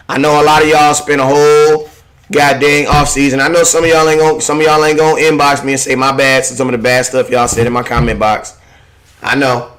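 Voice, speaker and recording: Rambling, animated young man fan commentator. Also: mid-range voice. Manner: rambling, animated, slangy, often repeats "you know what I'm saying". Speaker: sports streamer host.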